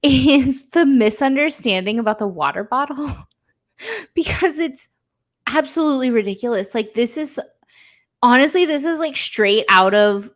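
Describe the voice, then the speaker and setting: A woman co-hosting a podcast, retelling a show in casual chat with animated storytelling and acted-out lines. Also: sits high, measured pace. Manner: animated storytelling, acts out characters' lines, many "like" fillers. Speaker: podcast co-host.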